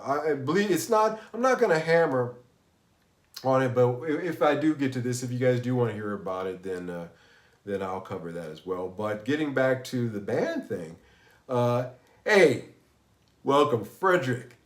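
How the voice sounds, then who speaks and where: A man's voice: mid-range voice, expressive, normal speed, roomy sound. A man hosting a casual live stream about music, rambling with many restarts, sounding unwell and tired. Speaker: livestream host.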